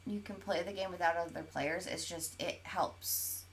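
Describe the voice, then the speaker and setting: A woman from Oklahoma co-hosts a casual gaming podcast while streaming, chatting and reading viewer comments aloud with lots of fillers. Her voice is fairly low with fairly even intonation at a normal speed, and there's slight background noise.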